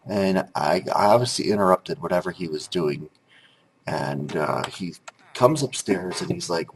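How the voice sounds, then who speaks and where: A man's voice: low-pitched, lively intonation, unhurried, husky. A grown man telling a rambling story over gameplay commentary, with frequent restarts and filler words. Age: adult.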